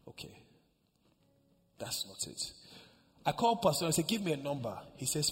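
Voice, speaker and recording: A male pastor preaching a sermon, telling a story and acting out the dialogue, moving between hushed lines and loud ones. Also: fairly high pitch, very animated, fast talker, slight background noise. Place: large church hall. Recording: echoey church hall with faint ambience.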